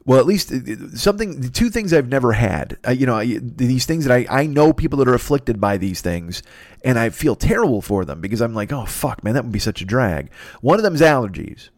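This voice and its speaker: A man's voice: medium pitch, big pitch swings, a little fast, no room sound, clean studio sound. Profane rambling man with a stuffy nose. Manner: profane, rambling, self-deprecating. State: stuffy nose, tired and yawning. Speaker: podcast host. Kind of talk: solo rambling monologue.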